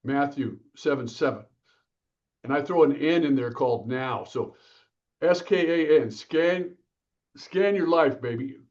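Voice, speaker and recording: An author in a casual interview tells his stories energetically, bringing the quotes to life by acting them out. His mid-range voice runs a little slow, and the audio comes across as dull.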